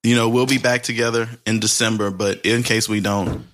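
A man's voice: on the low side, steady tone, a little fast, a bit bright. A man in his thirties hosting a casual podcast, telling a long story with laughter over drinks. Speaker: podcast host. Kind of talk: casual chat among friends.

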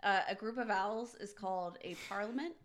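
A woman's voice: mid-range voice, moderate pace. A woman co-hosting a casual sports podcast who drifts into jokey, rambling tangents. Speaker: podcast co-host.

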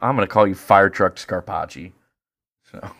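A man co-hosting a casual podcast, talking in a profane, excitable way and breaking into loud rants. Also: sits low, moderate pace, gravelly. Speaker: podcast co-host.

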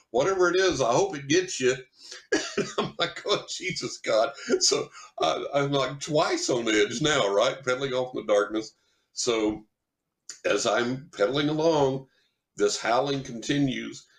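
A man, a psychic medium guest on a podcast, telling a long personal story in an animated way and acting out what people said. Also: lowish voice. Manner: animated storyteller, acts out quoted voices. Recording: roomy echo.

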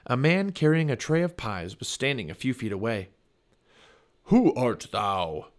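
A man reading a children's chapter book aloud, with expressive storybook narration. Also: medium pitch, fairly quick. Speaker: family podcast reader.

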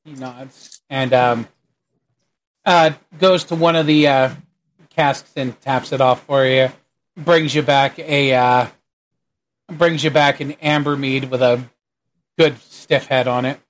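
A man's voice: medium pitch, steady tone, slow pace, pauses often, low-quality recording. A man narrating a tabletop game as game master, hesitant and full of fillers.

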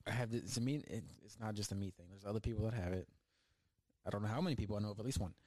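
A man's voice: fairly low pitch, very fast, darkish tone, dry recording. A young man hosting a podcast, chatting casually and rambling through funny stories. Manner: joking, rambling storyteller. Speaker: podcast host. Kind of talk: casual chat.

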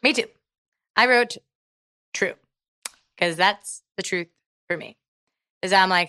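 A woman's voice: mid-range voice, slow pace, pushed and bright, clear, resonant tone, dry recording, clean studio sound. A woman co-hosting a casual podcast chat, playful and joking, laughing a lot. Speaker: podcast co-host.

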